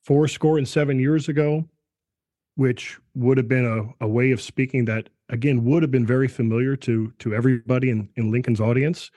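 Man, middle-aged, mid pitch, explanatory, filler-heavy, dry. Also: steady tone, fairly quick, hardly any pauses, warm tone, no echo. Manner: peppers speech with "right" and restarts. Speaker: political science professor, guest. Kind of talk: explanatory discussion.

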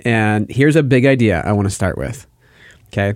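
A man's voice: lowish voice, lively intonation, moderate pace, darkish tone, dry recording, clean studio sound. Plain-spoken man explaining with word pictures. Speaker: podcast co-host giving advice. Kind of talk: casual faith podcast chat.

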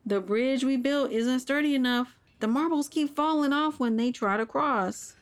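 A woman doing an earnest young friend, pitched up. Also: normal speed, natural voice. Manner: earnest, anxious at times.

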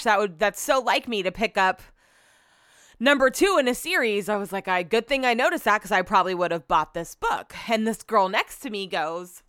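A young woman hosts her podcast in loose, chatty storytelling, full of "like" and the odd swear. Her voice sits a little high and sounds smooth and clear. The close mic is dry, with no room around her. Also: moderate pace, no echo. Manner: animated storytelling, swearing, lots of "like". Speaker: podcast host. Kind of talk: casual chat.

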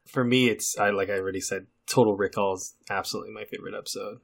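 A man's voice: fairly low pitch, steady tone, rapid-fire, vocal fry. A man co-hosting a podcast, steering a casual chat in an easygoing, chatty way. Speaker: podcast co-host steering the discussion.

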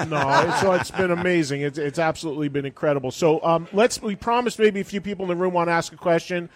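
A man's voice: fairly high pitch, quick pace. A man hosting a live radio interview on a cruise ship, upbeat and inquisitive with his guests. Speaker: radio talk show host.

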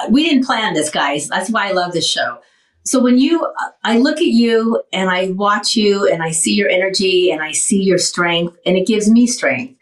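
A woman's voice: fairly low pitch, reverberant, recorded from a distance, low-quality recording. Woman in her sixties, winded. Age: 60s. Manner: emotional, rambling, grateful. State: short of breath. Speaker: radio talk show host. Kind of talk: casual radio chat.

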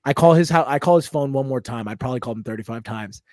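A young adult man hosting a comedy podcast, telling a long story in a loose, profane, animated way. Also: mid-range voice, very fast, no echo, studio quality.

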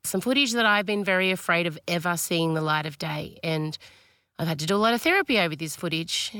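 Australian woman host, self-mocking, recovering voice, lower register, dry booth-close mic. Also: lively intonation, a little fast, bright, forceful tone, no echo. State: recovering from illness, a bit hoarse. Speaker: podcast host. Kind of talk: casual chat intro. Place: home, under a doona.

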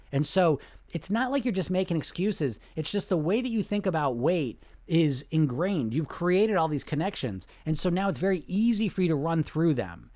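A man's voice: a little high, darkish tone. Blunt man coaching with rhetorical questions. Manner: blunt, fires rhetorical questions, laughs often. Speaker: weight loss coach. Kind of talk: casual coaching talk to viewers.

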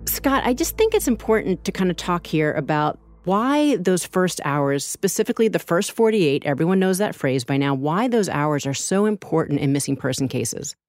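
A woman co-hosting a true-crime show in scripted narration, measured and explanatory. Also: lowish voice, lively intonation, a little mellow, no room sound, clean studio sound, faint music behind. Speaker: co-host.

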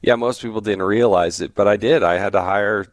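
A man's voice: on the low side, brisk, dry recording. Chatty man hosting a dry-sounding podcast. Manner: chatty, teasing, with frequent restarts. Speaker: podcast host. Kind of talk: casual conversational storytelling.

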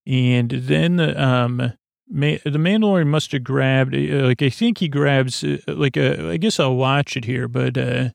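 A man rambling through a deadpan comedic recap of a TV episode, halting often with fillers and restarts. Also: mid-range voice, creaky, dry recording. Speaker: podcast host recapping an episode.

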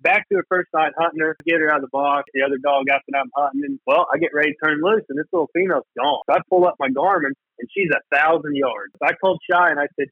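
A man's voice: on the high side, no echo, narrow, tinny audio. A man telling a funny story in a chatty way as a podcast guest. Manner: quick, chatty anecdote telling. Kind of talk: casual storytelling.

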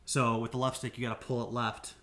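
A man's voice: medium pitch, flat delivery, fast talker, sharp tone. A man on a podcast casually recapping a game's story in a rambling way, full of "like"s and restarts. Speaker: podcast co-host.

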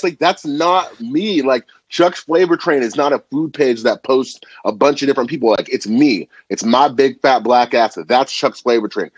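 A man who makes food videos, a guest on a podcast, talking in an animated and slangy way, full of filler words. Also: medium pitch, moderate pace, hardly any pauses, breathy edge, no echo. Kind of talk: casual conversation.

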